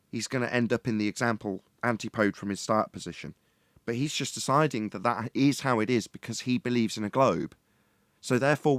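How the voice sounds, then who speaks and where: A man's voice: medium pitch, fairly bright tone, dry recording, studio quality. A man in casual debate chat, arguing at length and mocking opposing views. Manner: argumentative, mocking impressions of opponents.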